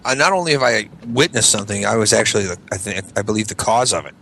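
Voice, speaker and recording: A man's voice: on the low side, fast talker, creaky, pushed and bright, a little hiss or hum. A young man telling a rambling, profane story on a casual group podcast, acting out the voices of the people in it. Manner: rambling, profane, acts out voices in his stories. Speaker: podcast co-host.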